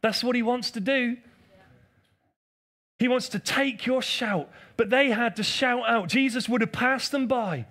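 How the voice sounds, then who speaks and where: A man's voice: very high-pitched, measured pace, fairly bright tone. A male pastor preaching a live sermon to a congregation in a church. He repeats key phrases for emphasis, asks for responses and teases people in the pews. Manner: addresses the congregation directly, calls for responses and teases members.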